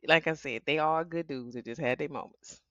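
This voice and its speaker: Woman, podcast host, low voice, muffled dull recording, candid chatty solo talk. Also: brisk, a bit bright, no room sound. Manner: candid, chatty, laughs often.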